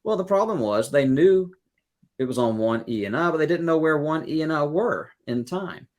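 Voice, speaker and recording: A man's voice: fairly high pitch, animated, brisk. A man from the States, a guest music educator in a podcast interview, explaining earnestly with everyday analogies. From Southern United States. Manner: acts out quoted exchanges.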